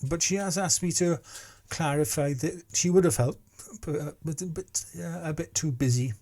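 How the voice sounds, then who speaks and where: A man's voice: fairly high pitch, moderate pace, darkish tone. A man in his sixties chatting casually to camera as a vlogger, rambling and self-deprecating. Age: 60s.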